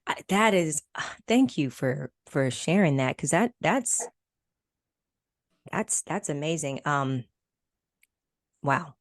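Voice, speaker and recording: Woman, host, deep voice, encouraging, dry close sound. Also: lively intonation, slow pace, pauses often, no room sound. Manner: supportive, gentle affirmations. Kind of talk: interview conversation.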